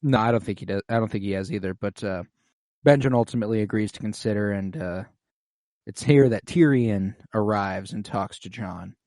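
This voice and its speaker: A man's voice: fairly low pitch, fairly quick, a little mellow, no echo, clean studio sound. A man co-hosting a podcast, chatting casually and retelling scenes in a laid-back, slangy way. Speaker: podcast co-host. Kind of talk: casual chat, recapping a TV episode.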